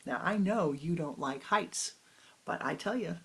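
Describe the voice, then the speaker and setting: A woman's voice: fairly low pitch, animated, a little slow, creaky, husky, exaggerated voice, poor audio. A woman voicing a wise male guru who knowingly teases his disciple in a spiritual parable. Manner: knowing, gently teasing.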